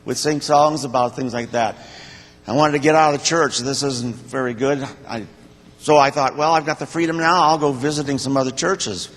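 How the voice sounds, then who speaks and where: An older man stands before a church congregation and tells his own story in a plain-spoken, heartfelt way, often pausing and restarting. His voice sits at an ordinary pitch for a man. It rings through the long reverb of a church hall. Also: fairly even intonation, a bit bright. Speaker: church member giving a talk to the congregation. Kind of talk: personal testimony.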